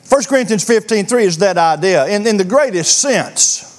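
A man's voice: high voice, lively intonation, normal speed. A man preaching a sermon to his congregation, earnest and questioning, often repeating words as he builds a point. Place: church.

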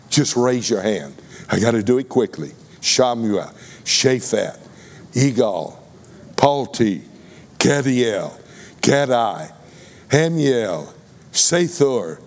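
A man with a Texas accent preaching a sermon, deliberate and addressing the congregation with questions. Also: lowish voice, lively intonation, a little mellow, big-room sound.

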